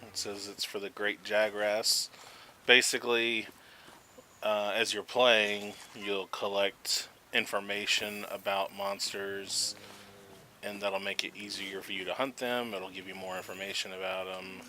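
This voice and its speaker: A man's voice: on the low side, measured pace, slight background noise, low-quality recording. A man hosting a gaming video, casually talking through what he does and explaining the game's mechanics as he goes. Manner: relaxed, chatty, explains game mechanics as he plays. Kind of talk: casual gameplay commentary.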